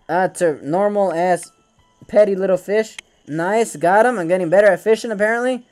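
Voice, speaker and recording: Excitable joking man, high voice. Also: normal speed. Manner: excitable, joking, swears often. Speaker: gaming channel host. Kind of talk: VR game commentary. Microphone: VR headset gameplay capture.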